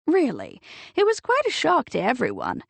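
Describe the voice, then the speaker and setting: A prim older busybody who sniffs at anything she disapproves of, as a woman reads her. She talks airily and stresses her words firmly, with lively swoops in pitch, a gravelly edge and a dry, close sound. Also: normal speed, no echo, heavily acted. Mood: pompous. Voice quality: haughty, emphatic and airy.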